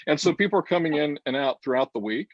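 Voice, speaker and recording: A man's voice: on the high side, animated, quick pace, no echo, muffled recording. A man co-hosting a casual chat show over a video call, rambling and laughing often. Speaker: co-host.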